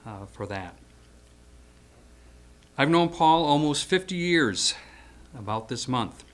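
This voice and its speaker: A man's voice: mid-range voice, a bit bright. A man around seventy reading a prepared eulogy for an old friend, hesitant at first and then telling stories with acted-out quotes.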